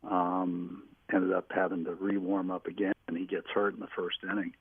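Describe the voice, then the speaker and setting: This former team staffer is a guest on a radio phone-in, calling from his home office and telling long anecdotes that keep restarting. His low, slightly rough voice has a flat delivery at normal speed, heard over a tinny phone line with no room sound.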